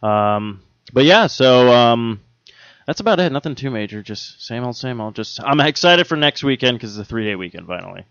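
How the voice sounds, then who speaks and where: A man's voice: mid-range voice, lively intonation, normal speed, fairly bright tone, smooth, dry recording, highs cut off. A man chatting casually on a podcast, rambling with lots of fillers. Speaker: podcast co-host. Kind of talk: casual chat.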